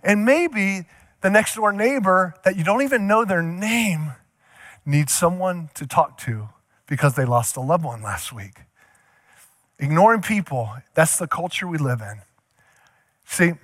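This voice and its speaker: A male pastor preaching a sermon, animated, acting out little scenes for the congregation. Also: high-pitched, normal speed, dry recording, studio quality.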